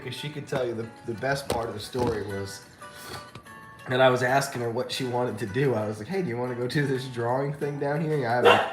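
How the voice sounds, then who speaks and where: Laughing male livestream host, roomy sound. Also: medium pitch. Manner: laughing, animated storytelling. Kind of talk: casual livestream chat. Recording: roomy echo with faint music.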